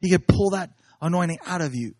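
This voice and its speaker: A man preaching, telling excited stories from his services and often laughing as he talks. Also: high voice, fairly quick, dry recording, clean studio sound. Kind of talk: animated sermon storytelling.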